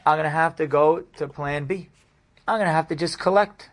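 A man voicing a struggling husband who answers his wife calmly and humbly. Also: a little high, fairly quick, close to an everyday voice.

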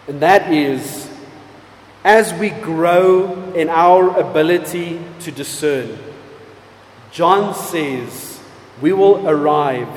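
Man, pastor, sermon, high voice, unhurried delivery, echoey hall. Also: expressive, slight background noise. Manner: emphatic preaching with wide swings in loudness and pace, drawn-out key words. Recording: echoey hall with long reverb.

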